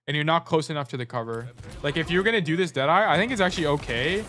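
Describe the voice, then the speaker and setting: A man's voice: a little high, animated, fast talker, sharp tone, a little hiss or hum. A man coaching a player through gameplay footage in a casual, blunt way, often repeating short commands. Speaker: game coach.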